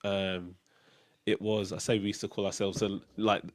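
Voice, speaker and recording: A man hosting a casual chat, sharing memories with many pauses and fillers. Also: fairly low pitch, flat delivery, dry recording. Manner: hesitant, many fillers and restarts, soft-spoken. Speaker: podcast host.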